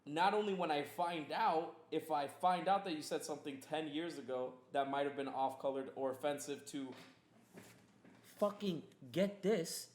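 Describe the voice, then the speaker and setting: Young podcast host, heated and profane, rambling rant, slightly high voice. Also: male voice, normal speed.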